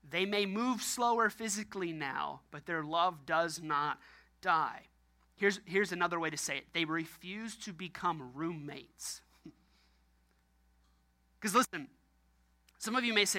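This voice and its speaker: A man's voice: sits high, normal speed, pushed and bright. A man preaching a sermon about marriage, emphatic and repetitive, often laughing. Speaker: pastor.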